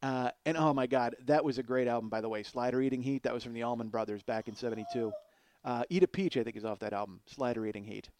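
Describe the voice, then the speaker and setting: A man hosting a podcast, telling a long comic story in a casual, animated and profane way, mocking himself. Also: mid-range voice, fast, a little hiss or hum. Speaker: podcast host.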